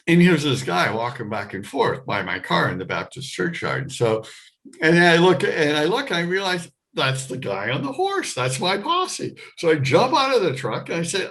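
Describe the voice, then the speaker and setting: A man telling a personal story to an audience, getting animated and rising high with excitement. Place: performing arts center stage.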